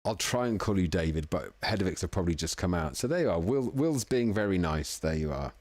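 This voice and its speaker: A man's voice: sits low, animated, fairly quick, a little mellow, dry recording. A man hosting a casual live music-making stream from home, chatty and self-deprecating, a little tipsy. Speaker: livestream music producer host. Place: home room in the evening.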